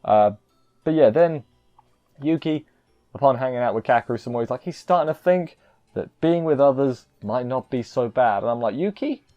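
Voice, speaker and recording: A man's voice: medium pitch, normal speed, lo-fi sound, faint music behind. A man giving a casual, rambling episode recap as an anime reviewer, joking and poking fun at himself. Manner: rambling, self-deprecating, jokey asides.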